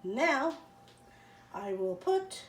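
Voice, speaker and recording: Woman yakking away while she cooks, kinda high voice, faint background hum. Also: big pitch swings, drawn-out words, distant mic. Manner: chatty, playful, fills gaps with blah blah and la la. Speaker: home cook. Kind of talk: casual cooking vlog. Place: home kitchen. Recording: roomy sound from off the mic, faint ambience.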